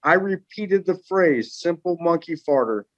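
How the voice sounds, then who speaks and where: Podcast guest, male, lively swearing storyteller, dry lo-fi mic. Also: a little high, unhurried, no room sound. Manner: profane, animated anecdote telling.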